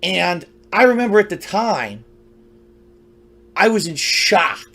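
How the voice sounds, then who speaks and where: A high-voiced man tells a story from his past in a loose, rambling monologue. He talks conversationally, circling back with restarts and side remarks as he goes. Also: lively intonation, slow, creaky, fairly bright tone. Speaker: storyteller recounting his youth.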